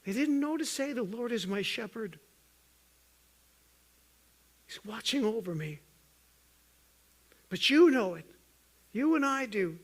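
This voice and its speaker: A man preaching a sermon as pastor, earnest and urging, at times loud and at times hushed, joking with the congregation. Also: animated, slow pace, pauses often. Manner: earnest, swings from loud emphatic urging to soft low intensity; jokes with the congregation.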